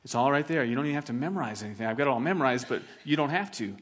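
A middle-aged male pastor preaching a sermon, telling stories in an animated, laughing way. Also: mid-range voice, rapid-fire.

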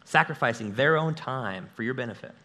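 A man preaching a sermon as pastor of his church, talking in an energetic, conversational way and joking with the congregation, speaking into a stage microphone. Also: medium pitch, fairly quick.

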